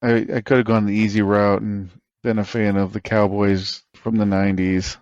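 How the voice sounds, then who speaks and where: A man's voice: lowish voice, little pitch movement, moderate pace, darkish tone, dry recording, muffled recording. A man from Northeast Ohio co-hosting a sports podcast, trading wry jokes in casual chat. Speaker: podcast co-host.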